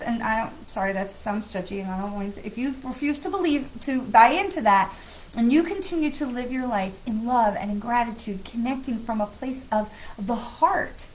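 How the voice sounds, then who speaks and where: A woman with a high-pitched voice hosts a live stream as a psychic medium, earnestly chatting with viewers and greeting them by name in a casual way. The recording is low quality, with slight background noise.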